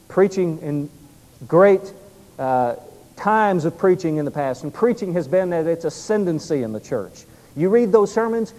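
Preacher, male, high-pitched, emphatic sermon delivery, echoing hall sound. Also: mellow. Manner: emphatic, rising and falling in volume for effect.

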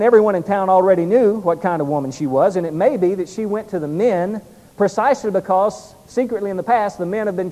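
High-voiced man preaching in a reverberant hall. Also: mellow. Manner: emphatic, rising and falling in volume for effect. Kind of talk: sermon.

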